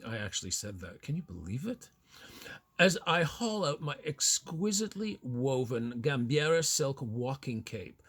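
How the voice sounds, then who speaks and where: A man telling a fashion story as a vlogger, with a cheeky, flamboyant, over-the-top delivery and a slightly husky voice. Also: medium pitch, sing-song, measured pace, fairly bright tone. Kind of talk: theatrical storytelling monologue.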